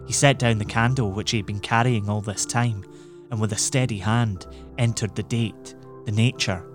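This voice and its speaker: A man's voice: lowish voice, steady tone, moderate pace. Man narrating an audiobook, faint music.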